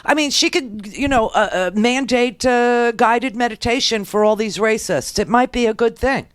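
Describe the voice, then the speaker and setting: A middle-aged woman hosting a political talk radio show, riffing sarcastically with a New York accent and quick laughs. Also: fairly high pitch, dry recording, clean studio sound. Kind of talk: political commentary.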